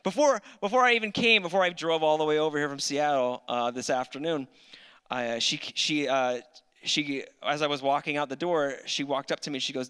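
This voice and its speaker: Man, 30s, stand-up comic; bright, forward voice, dry self-deprecating delivery, live club mic. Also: a little high, brisk, clear, resonant tone. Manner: dry, self-mocking storyteller. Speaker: stand-up comedian. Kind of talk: stand-up set. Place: comedy club stage.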